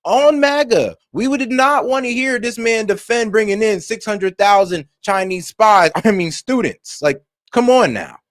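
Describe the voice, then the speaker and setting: A man doing casual reaction commentary on political news, animated and joking, laughing at his own asides. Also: high voice, unhurried, no echo.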